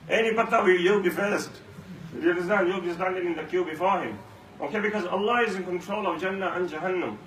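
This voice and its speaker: A man delivers an animated religious talk, voicing each character in his anecdote. His voice sits a little high, and the room around him rings with echo, with faint hiss underneath. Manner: animated storyteller, acts out both sides of a conversation. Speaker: preacher. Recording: echoey room, mic at a distance.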